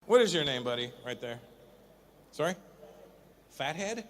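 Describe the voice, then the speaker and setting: A middle-aged man doing stand-up, teasing audience members in quick back-and-forth crowd work. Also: fairly high pitch, very animated, slight background noise. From Canada. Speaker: stand-up comedian.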